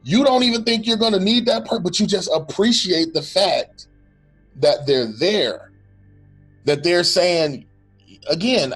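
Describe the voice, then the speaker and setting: A man's voice: high-pitched, animated, unhurried, a bit bright, breathy edge, soft background music. A man co-hosting a casual faith-based talk, earnest and reflective, often acting out what someone might say. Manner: earnest and reflective, quotes imagined speech, restarts often. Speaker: podcast co-host.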